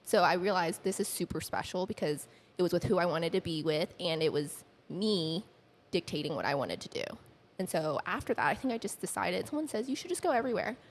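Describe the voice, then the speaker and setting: Chatty woman guest acting out her stories. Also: a little fast. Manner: animated, acts out quoted dialogue with lifted pitch; chatty, uses many fillers like "like". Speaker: podcast guest. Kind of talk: casual conversational storytelling.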